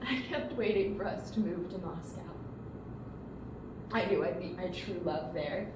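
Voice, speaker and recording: Actress doing a tearful young woman in despair, really high voice, echoey stage from far off. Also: sing-song, unhurried. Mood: hushed. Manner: tearful, breaking between sobs and hushed despair. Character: despairing young woman near twenty-four. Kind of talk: stage acting. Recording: distant, echoey room, faint noise.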